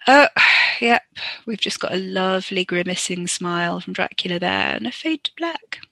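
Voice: mid-range voice, expressive, moderate pace, gravelly, sharp tone, no echo. Chatty film commentator. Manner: chatty, joking, many fillers.

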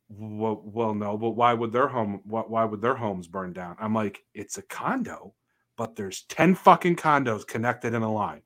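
A man co-hosting a casual podcast, ranting in a profane, animated way while telling stories about his work. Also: lowish voice, a little slow. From Georgia, US. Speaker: podcast co-host. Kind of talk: casual chat.

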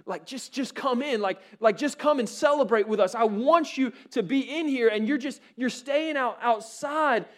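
A man's voice: extremely high pitch, moderate pace, few pauses, pitched above the performer's own voice. Guy acting out a father begging his kid to come in, voice pushed way up, earnest coaxing. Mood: pleading. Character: pleading loving father begging his older son.

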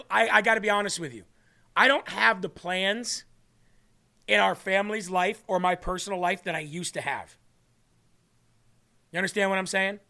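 A male host with a high, ringing voice talks through a live stream, reading out viewer comments and donations. He sounds earnest and excitable and often breaks off to restart a sentence. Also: gravelly. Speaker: host of an online faith show.

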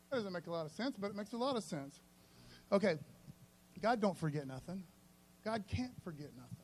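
A man preaching a sermon in a loose, conversational, storytelling way, often calling the listeners "man" and swinging between soft and loud. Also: on the high side, animated, normal speed, pauses often.

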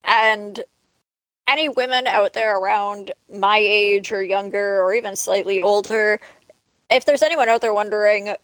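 A woman's voice: mid-range voice, steady tone, unhurried, no room sound, low-quality recording. A woman in her late thirties co-hosting a casual podcast chat, talking candidly and conversationally. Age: 30s. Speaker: podcast co-host.

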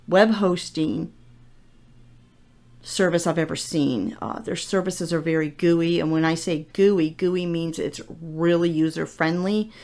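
A middle-aged woman chatting through her solo podcast from her home office mic, a self-mocking storyteller. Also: lowish voice. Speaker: podcast host. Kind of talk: casual solo podcast monologue. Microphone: desk podcast microphone.

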